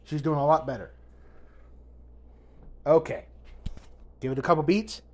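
A woman hosting a casual podcast, telling a family story in a rambling, animated way with many restarts. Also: deep voice, unhurried. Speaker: podcast host.

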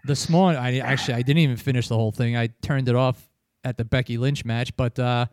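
A man's voice: medium pitch, steady tone, fast talker, a little mellow, dry recording, clean studio sound. A man hosting a casual podcast chat, telling a long rambling story full of swearing and chuckles. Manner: profane, rambling, chuckles often. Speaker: podcast host.

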